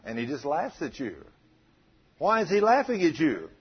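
Husky preacher, animated sermon. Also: male voice, a little high, moderate pace, lo-fi sound. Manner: animated, calls out to the congregation and acts out prayers.

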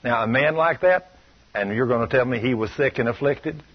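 Preacher, male, husky and emphatic, on a muffled lo-fi recording. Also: mid-range voice, animated, fairly quick. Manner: folksy storytelling, emphatic and insistent. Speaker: preacher teaching a healing school. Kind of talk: sermon with retold anecdote.

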